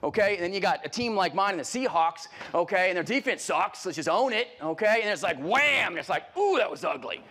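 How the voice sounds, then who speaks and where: A middle-aged man leads a live sales training with a somewhat high voice. He talks in punchy, repeated phrases and throws rhetorical questions at the room. He bursts into loud exclamations when he acts out little scenes. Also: animated, fairly quick, few pauses.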